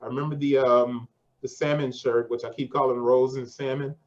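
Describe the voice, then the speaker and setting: A man hosting a casual interview, talking in a relaxed, slangy way and often dropping "yo" and "man". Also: medium pitch, normal speed, muffled recording. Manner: slangy and conversational, says 'yo' and 'man'. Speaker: podcast host.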